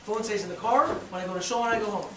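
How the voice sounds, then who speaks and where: Guy in his 30s giving a parenting class, high voice, animated, kinda far off the mic w some faint hiss. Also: rapid-fire. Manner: lively, acts out voices, laughs often. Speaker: rabbi, guest speaker. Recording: roomy, from a distance, faint noise.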